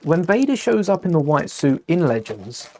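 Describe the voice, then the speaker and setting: A man's voice: a little high, big pitch swings, moderate pace, darkish tone, a little hiss or hum. A young man hosting a casual live stream, chatting and thinking aloud while building, often correcting himself mid-sentence.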